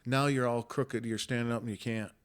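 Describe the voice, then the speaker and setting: A man hosting a casual podcast chat, blunt and quick to curse. His pitch sits in the middle for a man, and he talks at an easy conversational clip into a studio mic. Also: fairly even intonation, smooth. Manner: blunt, profane, swearing freely. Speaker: podcast host.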